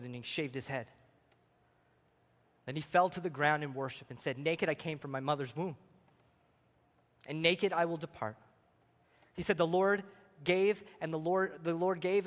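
Man, pastor, sermon, high bright voice, passionate, loud and soft turns, long hall echo. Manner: passionate preaching, rising to near-shouts and dropping to quiet.

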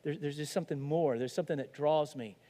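A man's voice: fairly high pitch, fast talker, warm tone, big-room sound. A man from Arkansas, preaching an earnest, conversational sermon with many restarts. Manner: earnest and conversational, with many restarts and rising emphasis on key lines. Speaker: pastor.

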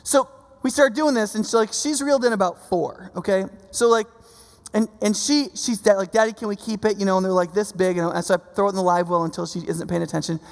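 A man of middling pitch with a gravelly edge to his voice gives a chatty sermon. He keeps tossing quick questions at his listeners. His voice rings out with a long reverb, as in a big hall. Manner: conversational, keeps checking in with listeners. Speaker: pastor.

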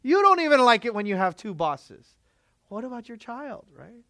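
A man's voice: very high-pitched, very animated, moderate pace, sharp tone, dry recording. A man of Filipino background preaching a sermon, emphatic and full of rhetorical questions to the congregation. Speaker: pastor.

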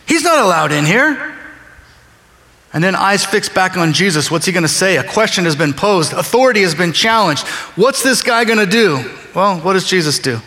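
A man's voice: high voice, expressive, fairly quick, few pauses, pushed and bright. A man preaching a sermon as a pastor, conversational and acting out bits of dialogue. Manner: conversational, acts out dialogue with voices. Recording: long reverb of a large hall.

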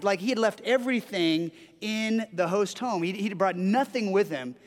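A man's voice: high-pitched, moderate pace, hardly any pauses. A man preaching a sermon as pastor, telling stories earnestly with frequent restarts. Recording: long hall reverb.

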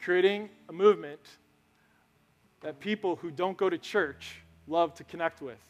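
A pastor with a high, light voice talks to his congregation in a relaxed, storytelling way, often asking them questions. Soft guitar music plays faintly behind his sermon. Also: unhurried. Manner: conversational, storytelling, asks the crowd questions. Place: church sanctuary.

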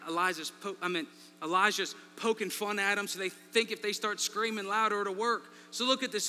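Bright animated preacher in echoing hall. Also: male voice, sits high. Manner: animated, swings between loud emphasis and quiet asides. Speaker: pastor. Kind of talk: sermon. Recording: long reverb in a large hall, faint mains hum.

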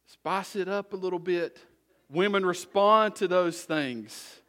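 A man's voice: high voice, slow pace, fairly bright tone. A middle-aged man preaching a sermon as a pastor, talking conversationally and repeating short exhortations.

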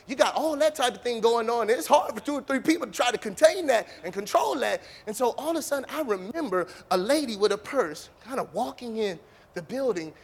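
Animated high-voiced man telling a story. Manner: animated, with vocal sound effects; conversational, with many fillers. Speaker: speaker telling a story to an audience. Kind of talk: storytelling talk.

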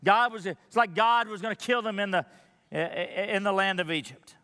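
A man preaching in a high, bright voice that carries a long reverb from a large hall. He delivers his sermon conversationally, putting rhetorical questions to the congregation. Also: normal speed, smooth. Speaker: pastor.

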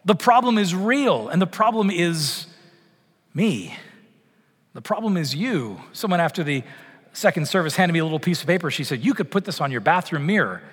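A male pastor delivers a storytelling sermon, his voice sitting a little high for a man. He slips into lively, acted-out quotes as he tells the story. The sound carries a long reverb tail from a large hall. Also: normal speed, slightly rough. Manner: storytelling, animated when acting out quotes.

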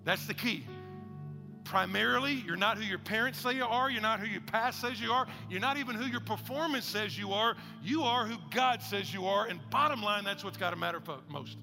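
A man's voice: high voice, a little fast, creaky, big-room sound, over music. A male pastor preaching a sermon in a conversational, joking way, leading the congregation in spoken declarations.

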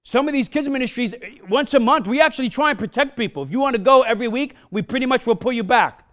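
A man's voice: very high-pitched, lively intonation, quick pace, a bit bright. A male pastor with an accent, preaching a sermon to his congregation with punchy repeated questions and frequent "huh?" checks, in a church. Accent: non-native English accent. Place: church sanctuary.

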